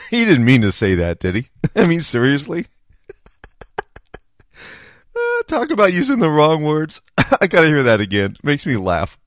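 A man's voice: fairly high pitch, huge pitch swings, measured pace, long pauses, no room sound, clean studio sound. A man hosting a podcast in a chatty casual monologue, laughing often. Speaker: podcast host.

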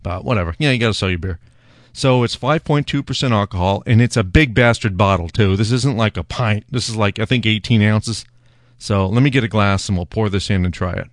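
Tasting a beer on his own show, a man with a fairly low voice talks a little fast in a rambling, wry, self-deprecating manner. The solo, casual talk is recorded in clean studio sound with no room sound.

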